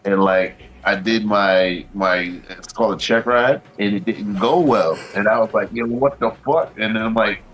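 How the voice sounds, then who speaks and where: A man with a lowish voice rambles through a story in casual podcast chat. He swears constantly and fills his sentences with "bro" and "like". The room around him is noticeably echoey. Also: moderate pace, few pauses, a bit bright, highs cut off. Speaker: podcast co-host.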